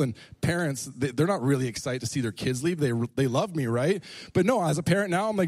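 A man's voice: fairly high pitch, animated, fairly quick, a little mellow, breathy edge, no room sound. A young adult man preaching in a church, telling jokey stories in a playful way. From Canada. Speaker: pastor. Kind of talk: lively sermon with humor.

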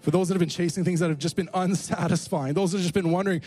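Fervent male preacher, slightly high voice. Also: steady tone, very fast, darkish tone, slightly rough, faint music behind. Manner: fervent, repeating phrases, calls to the congregation. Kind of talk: sermon with altar call. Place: church.

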